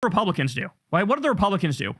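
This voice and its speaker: A man hosting a political show delivers a heated, angry rant full of heavy swearing. His high-pitched voice is very animated and fairly bright, firing off words at a rapid pace.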